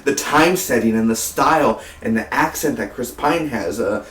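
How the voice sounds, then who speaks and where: A man's voice: mid-range voice, normal speed, a bit bright. A man giving a rambling, casual movie review for his vlog, full of fillers and repeated "man". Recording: roomy, distant from the mic.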